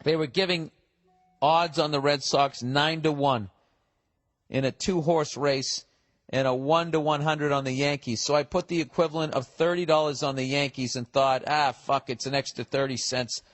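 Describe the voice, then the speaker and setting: A man's voice: on the high side, fairly even intonation, normal speed, dry recording. A middle-aged man hosting a podcast, reading listener letters in a casual, profane, sarcastic rant and arguing with himself over the details. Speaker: podcast host.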